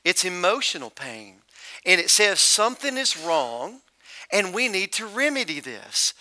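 Bright-toned joking pastor, a man. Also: high voice, very animated, measured pace. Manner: conversational, joking storyteller. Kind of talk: sermon.

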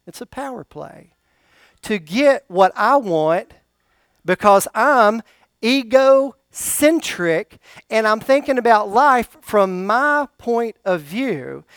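A man's voice: high-pitched, fairly bright tone, clean tone, no room sound, studio quality. A pastor preaching to his congregation during a church service, often asking them to answer back. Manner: call-and-response preaching, questions to the congregation. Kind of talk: sermon.

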